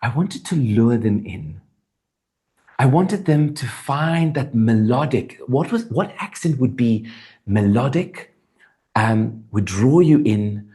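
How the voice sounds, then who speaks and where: Animated South African man, earnest. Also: mid-range voice, slow pace. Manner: animated, earnest, thinks aloud with restarts. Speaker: actor guest. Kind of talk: interview conversation.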